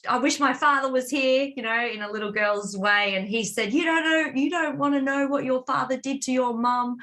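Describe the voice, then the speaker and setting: A woman's voice: mid-range voice, sharp tone. A woman telling a personal story in a candid, confessional way, rambling with plenty of fillers. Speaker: vlog co-host.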